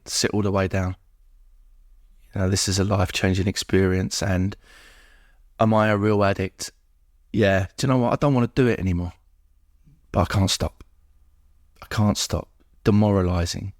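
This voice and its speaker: Guy on a podcast, low voice, super earnest, keeps repeating himself, dry close mic. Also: a little mellow, no echo. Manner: earnest, repetitive, lists things in rhythmic runs. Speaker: podcast guest in recovery. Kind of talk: emotional heartfelt conversation.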